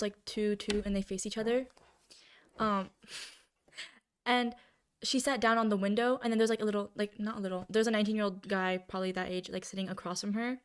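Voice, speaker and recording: Her voice is clear and resonant at a medium pitch as this young podcast co-host wanders through casual stories, leaning heavily on filler words.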